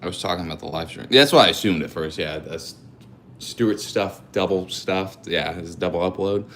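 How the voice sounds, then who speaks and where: A young man hosting a live stream, chatting casually and rambling as he thinks out loud and answers chat. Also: low voice, normal speed, slight background noise. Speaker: live-stream host painting cards.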